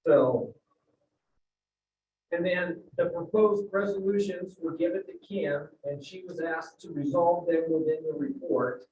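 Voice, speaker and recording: Meeting presenter, male, informal and halting, higher voice, echoey room from a distant muffled mic. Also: a little mellow, slight background noise. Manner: informal, repeats words as he talks. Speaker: work group member presenting a report.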